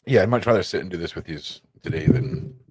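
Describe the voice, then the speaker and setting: A man's voice: sits low, fairly quick, a little mellow, husky, no echo. A man chatting casually on a live stream, muttering to himself as he works and tossing off playful asides.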